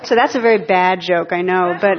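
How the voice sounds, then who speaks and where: A woman teacher gives a dharma talk to a live audience. She speaks in a lowish voice, reflective and full of pauses, and chuckles at her own jokes. The sound is dull and lo-fi. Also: a crowd in the background, background noise. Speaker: meditation teacher.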